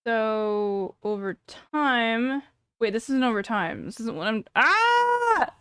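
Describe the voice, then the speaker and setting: Chatty woman in her thirties, crisp voice. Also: fairly high pitch, unhurried, no echo, studio quality. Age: 30s. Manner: thinking aloud, chatty, many "like"s and self-corrections. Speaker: streamer. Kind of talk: casual live-stream commentary.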